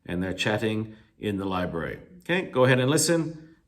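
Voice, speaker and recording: A man's voice: on the low side, sing-song, a little fast. A man teaching a recorded video lecture, explaining with many fillers and self-corrections and stressing key points. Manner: emphatic, encouraging. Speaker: English teacher.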